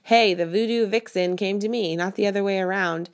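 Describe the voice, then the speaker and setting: A woman's voice: mid-range voice, a little fast, close to an everyday voice. Woman doing a breezy, teasing teenage boy. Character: carefree, superstitious teenage boy, the little brother. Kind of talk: audiobook character voice.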